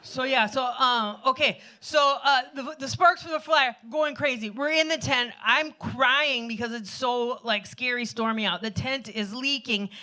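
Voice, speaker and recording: A woman's voice: sits high, measured pace, hardly any pauses, pushed and bright. A woman telling a rambling, self-deprecating comic story on stage at a live show. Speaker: storyteller performer.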